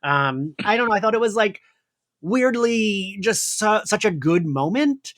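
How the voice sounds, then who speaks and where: A man's voice: high-pitched, expressive, unhurried, fairly bright tone. A man co-hosting a podcast in casual chat, rambling and peppering his talk with "like". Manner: chatty, rambling, full of "like" and restarts. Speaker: podcast co-host.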